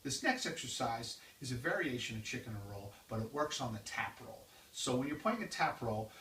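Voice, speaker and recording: A man giving a drum lesson, explaining exercises and counting them off loudly. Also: medium pitch, expressive, moderate pace, slight background noise. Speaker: drum teacher. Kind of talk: instructional demonstration. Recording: roomy, distant mic with loud drumming. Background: drums.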